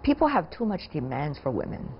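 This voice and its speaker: A woman's voice: sits low, very animated, fairly quick, slightly rough, muffled recording. A woman hosting a television interview show, asking questions and signing off in a poised, formal manner. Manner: poised, formal, non-native phrasing. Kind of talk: broadcast interviewing and sign-off.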